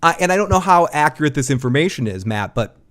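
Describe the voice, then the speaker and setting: A man with a Boston accent hosting a live show commentary, animated and quick to swear. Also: a little high. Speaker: podcast host.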